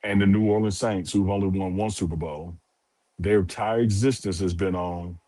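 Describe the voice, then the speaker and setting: A man co-hosting a casual sports talk show, speaking in a relaxed, steady way. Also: low voice, normal speed, no room sound. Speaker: co-host.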